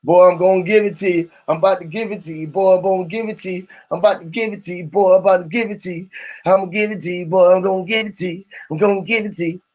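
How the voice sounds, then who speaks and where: High-voiced man in rambling stream banter. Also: steady tone, very fast, a little mellow. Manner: rambling, crude, joking, breaks into laughter. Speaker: livestreamer. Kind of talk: casual livestream banter.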